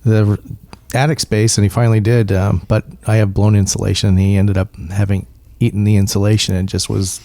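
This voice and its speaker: A man co-hosts a talk show with a gravelly, mellow, fairly low voice. He answers in brief, dry remarks. The room sound is dry and close. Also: little pitch movement, a little fast, no echo. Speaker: co-host. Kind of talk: casual studio banter.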